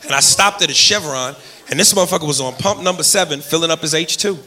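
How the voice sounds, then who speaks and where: Male comedian, high voice, loud and profane, shouting bits, club stage, echoey room, crowd laughter. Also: fast talker. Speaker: stand-up comedian. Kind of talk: stand-up routine.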